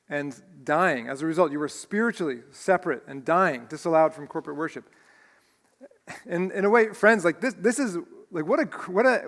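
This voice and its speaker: Earnest high-voiced pastor preaching in a hall. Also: male voice, a bit bright. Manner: earnest, emotional preaching with repeated restarts. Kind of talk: sermon. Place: church sanctuary.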